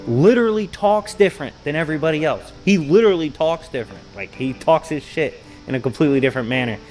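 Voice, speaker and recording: An animated man hosting a casual video, recounting comic-book stories with plenty of slang. His pitch rises and falls in a lively way while he laughs along at the funny parts. Faint music sits low in the background. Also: fast, low-quality recording. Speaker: host.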